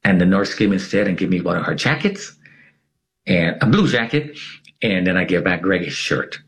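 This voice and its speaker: Low-voiced man telling a dramatic story. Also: expressive, moderate pace. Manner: dramatic, swings his pitch widely for emphasis. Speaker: interview guest. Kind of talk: animated personal storytelling.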